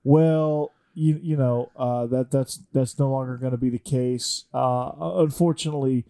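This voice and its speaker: A man co-hosting a casual sports podcast. His voice is mellow and dark. He speaks in halting bursts full of fillers. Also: medium pitch, fairly even intonation, clear, resonant tone. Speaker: co-host, Georgia fan.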